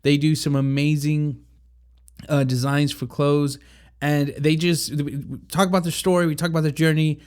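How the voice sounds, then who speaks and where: A man hosting a podcast in an energetic, fast-talking way, laughing often. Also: a little high, smooth. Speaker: podcast host. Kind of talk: casual upbeat podcast chat.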